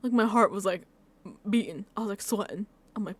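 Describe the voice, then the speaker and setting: A young woman casually recapping a reality show, talking in rambling, animated bursts with frequent restarts and casual swearing, close to a desk mic at home. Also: medium pitch, brisk. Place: home room.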